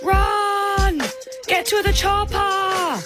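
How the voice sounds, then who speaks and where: Bad impression: woman playing a shouting male action hero, way too high. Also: steady tone, very slow, music in the background, full character voice. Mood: panicked.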